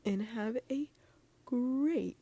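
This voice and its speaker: A woman reading fan fiction aloud as a podcast host, soft-spoken and often sliding into a near-whisper, with gushy, affectionate asides to her listeners. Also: fairly high pitch, drawn-out words, breathy edge.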